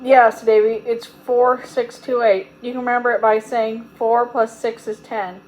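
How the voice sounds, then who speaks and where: A woman's voice: on the high side, little pitch movement, measured pace, darkish tone, slight background noise, natural voice, low-quality recording. Woman voicing a friendly easygoing boy.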